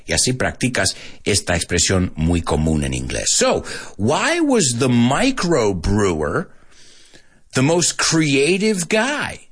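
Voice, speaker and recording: A playful man teaching English, with a husky voice that swoops wildly up and down. He speaks slowly, tells jokes and laughs at his own punchlines. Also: medium pitch, huge pitch swings. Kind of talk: live online English lesson with jokes.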